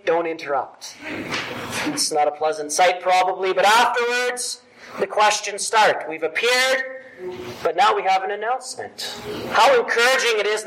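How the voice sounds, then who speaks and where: A man preaches a sermon in a high, light voice, leaning hard on key words and swinging from hushed to loud. The recording carries a clear bed of background noise behind him. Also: poor audio. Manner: emphatic, animated preaching with dramatic swings in loudness. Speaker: pastor.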